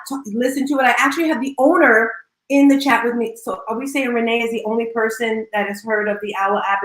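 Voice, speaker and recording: A woman hosting a live audio room, talking in an energetic, bubbly, animated way. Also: fairly high pitch, roomy sound, poor audio. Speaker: host.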